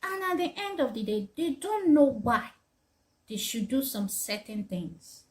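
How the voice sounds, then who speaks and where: A woman's voice: a little high, big pitch swings, a little slow, a little mellow. A woman talking earnestly to parents, advising them as a mother, often repeating herself and laughing. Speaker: mother giving parenting advice. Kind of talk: casual advice talk to parents.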